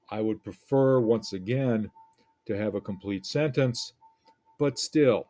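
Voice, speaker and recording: Slow, reflective male writing teacher. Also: mid-range voice, a little mellow. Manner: deliberate, reflective, pauses often. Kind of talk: lesson analyzing an essay.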